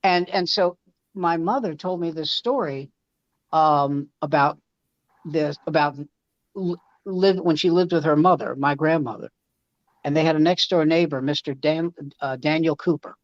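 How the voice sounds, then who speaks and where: A man, a comedian guest, telling family stories in an animated way and jumping up loudly when he imitates people. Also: fairly high pitch, a little slow, no echo. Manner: animated, loud jumps when acting out quotes. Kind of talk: storytelling comedy chat. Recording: dull lo-fi dry sound.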